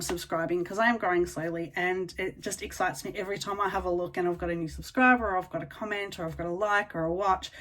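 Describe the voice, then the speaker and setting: Chatty, excitable Australian woman vlogger. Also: mid-range voice, a little hiss or hum. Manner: chatty and excitable, full of ums and likes. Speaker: beauty vlogger. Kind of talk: casual unboxing chat to camera.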